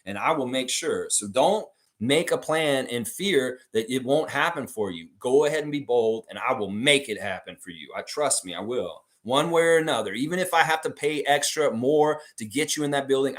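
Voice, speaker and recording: A man hosts a live fan stream and chats loosely through viewer comments. His voice is middle-pitched, but he swings it way up when he mocks people. He talks in an animated, loose way and swears a lot. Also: normal speed, hardly any pauses. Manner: animated, swings high when mocking others, swears freely.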